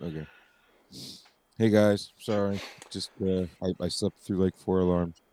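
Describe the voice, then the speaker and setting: A man in a casual movie chat, rambling with halting restarts and casual swearing. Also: sits low, flat delivery, warm tone, no echo. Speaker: podcast guest.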